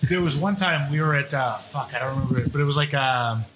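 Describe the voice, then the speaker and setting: A man's voice: mid-range voice, fast talker, a loud crowd. A man chatting casually as a radio guest, swearing often and laughing as he tells stories. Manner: swears a lot, laughs while telling stories. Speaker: guest, former wrestler. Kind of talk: casual chat.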